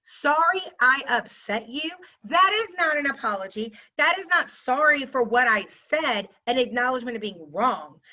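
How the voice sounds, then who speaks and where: Woman, storytime vlogger, indignant and sarcastic; bright tone, dull home-recorded sound. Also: fairly high pitch. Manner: sarcastic, indignant, talks straight to viewers. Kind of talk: storytime rant to camera.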